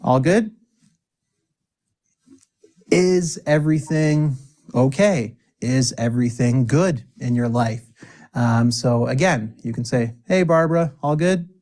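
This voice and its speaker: Guy running an english class, mid pitch, cheery, says the phrases slow so you can repeat. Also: warm tone. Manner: upbeat, encouraging, models phrases slowly for learners to repeat. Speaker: English teacher. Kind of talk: spoken English lesson.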